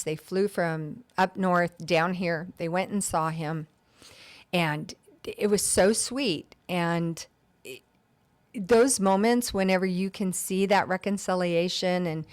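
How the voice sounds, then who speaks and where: A woman who works as a county deputy, a guest on a talk show, telling warm and heartfelt stories from her work. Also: lowish voice, smooth. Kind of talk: storytelling in an interview.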